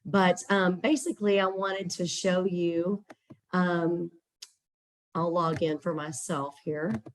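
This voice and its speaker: Hoarse woman with a Texas accent. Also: lowish voice, steady tone, takes it slowly. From Central Texas. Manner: chatty, upbeat, frequent fillers. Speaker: guest presenter for a scholarship platform. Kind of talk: webinar presentation with screen share.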